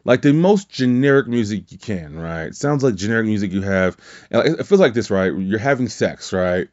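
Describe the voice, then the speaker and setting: Guy ranting casually on his podcast, pitch all over the place, kinda dull lo-fi audio. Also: normal speed. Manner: animated, swearing, rambling with many fillers. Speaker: podcast host. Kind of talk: casual wrestling recap chat.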